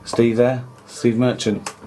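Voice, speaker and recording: A man's voice: medium pitch, flat delivery, slow, mellow, slight background noise, low-quality recording. A man hosting a radio show, teasing his co-hosts in playful banter. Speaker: radio host.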